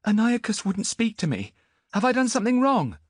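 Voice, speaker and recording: A man voicing a frightened, feverish young boy in an audiobook, pleading and anxious in a raised boyish pitch. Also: huge pitch swings, fairly quick, husky, no room sound, studio quality, full character voice. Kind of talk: audiobook character voice.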